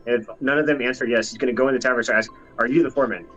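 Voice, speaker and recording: Man player, fast-talking, playful, deadpan jokes. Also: mid-range voice, dull audio, faint music behind. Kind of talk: casual tabletop play.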